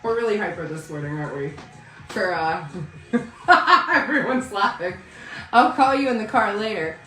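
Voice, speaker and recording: Bright, laughing woman on a live stream. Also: medium pitch, animated, normal speed, recorded from a distance. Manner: loud, laughing banter with viewers. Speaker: wig seller hosting a live stream. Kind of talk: casual live-stream chat. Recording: roomy sound from off-mic with faint music.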